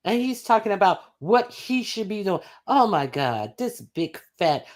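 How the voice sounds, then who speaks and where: A woman's voice: medium pitch, sing-song, measured pace. Profane, sarcastic woman commentator. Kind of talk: reaction commentary.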